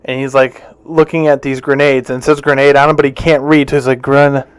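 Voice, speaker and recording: A man's voice: medium pitch, flat delivery. A man co-hosting a podcast, chatting casually about a movie with a jokey, talkative manner. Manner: chatty, jokey, quick to laugh. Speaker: podcast co-host. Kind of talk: casual movie recap chat.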